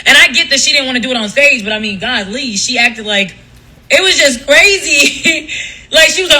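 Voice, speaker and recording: Very high, bright-voiced man ranting. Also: expressive, brisk, low-quality recording. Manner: blunt, profane, gossipy. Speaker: livestream host. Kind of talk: casual livestream rant.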